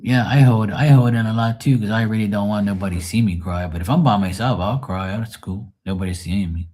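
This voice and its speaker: Speaking a little fast in a dark, fairly low voice, this tarot-reading streamer keeps up casual live-stream chatter. He's blunt and profane, addressing the chat directly in an offhand way.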